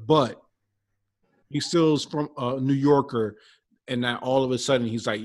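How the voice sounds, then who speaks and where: A man talking casually about wrestling as a podcast co-host, animated and rambling, often repeating himself. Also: mid-range voice, moderate pace.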